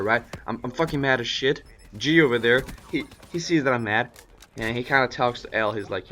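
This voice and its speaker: A young man casually telling a personal story to camera, profane and animated, with loud ranting bursts. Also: medium pitch, brisk, a little hiss or hum. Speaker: vlogger.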